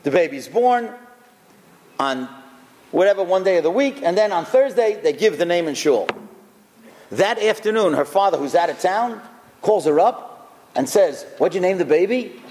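Man, rabbi, sermon, animated storyteller, highly varied pitch, long hall echo. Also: normal speed, long pauses.

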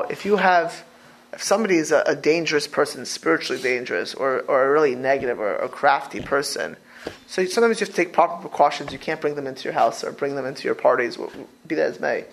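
A man teaches an informal Torah class in a high, gravelly voice. He is animated and stumbles through restarts, mixing Hebrew phrases into his English. The rasp of fry sits under his words.

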